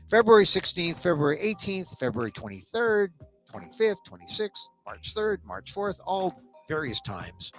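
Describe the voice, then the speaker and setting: A middle-aged man from the United States hosting a small talk show, delivering a sarcastic comedic monologue with quick restarts. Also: high-pitched, fairly bright tone. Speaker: host.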